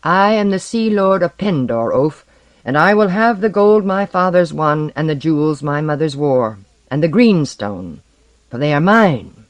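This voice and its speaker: A man's voice: a little high, expressive, measured pace, no room sound. A man voicing an arrogant, boastful sorcerer sea lord in a story reading, taunting, proud and commanding. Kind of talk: audiobook reading.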